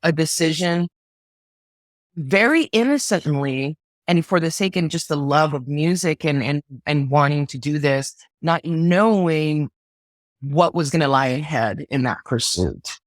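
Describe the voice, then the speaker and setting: A woman's voice: sits low, measured pace, no echo, clean studio sound. A middle-aged woman conductor from Los Angeles, a podcast guest telling a story emphatically, often repeating and stumbling over words. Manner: emphatic, repeats words and stammers when moved. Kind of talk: casual interview storytelling.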